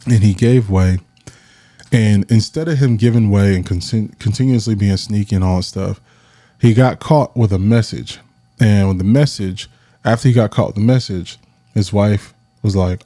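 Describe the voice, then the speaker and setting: Low, mellow-voiced man telling a story. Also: normal speed, dry recording. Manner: animated, acts out friends' voices in quotes; addresses listeners directly, repeats phrases. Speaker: podcast host. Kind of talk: casual storytelling chat.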